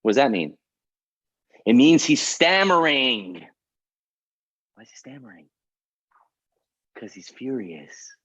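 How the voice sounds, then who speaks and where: A man's voice: medium pitch, big pitch swings, a little slow, long pauses, fairly bright tone, slightly rough, dry recording. A man, a rabbi, teaching a class on the text in a dramatic way, explaining and then acting out the story. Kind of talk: animated Torah class. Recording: muffled lo-fi recording.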